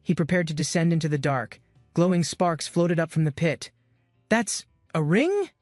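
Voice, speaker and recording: A man's voice: a little high, steady tone, fairly quick, darkish tone, dry recording, clean studio sound, soft background music. A man giving scripted, dramatic narration of a comic-book recap.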